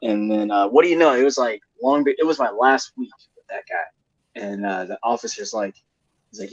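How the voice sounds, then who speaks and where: A man's voice: medium pitch, moderate pace, husky, no room sound. Rambling young man telling a story. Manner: rambling, laughing, heavy slang and swearing. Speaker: panelist. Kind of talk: casual storytelling. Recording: dull lo-fi live stream audio.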